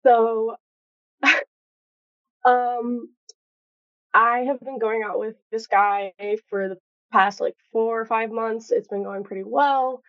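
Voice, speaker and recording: A woman's voice: on the high side, fairly even intonation, slow, long pauses, a bit bright, no room sound, highs cut off. A woman calling in to a podcast, speaking hesitantly with many fillers. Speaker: caller. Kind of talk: phone-in call.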